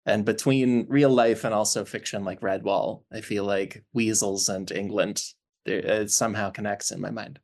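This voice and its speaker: A man's voice: lowish voice, steady tone, moderate pace, darkish tone. A man as a podcast guest, chatting in an easygoing, thoughtful way and laughing easily. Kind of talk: casual chat.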